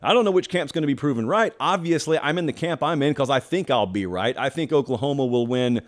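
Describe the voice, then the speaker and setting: A man's voice: medium pitch, expressive, fast. A man hosting a college football show, giving emphatic solo commentary in a conversational way, full of rhetorical questions.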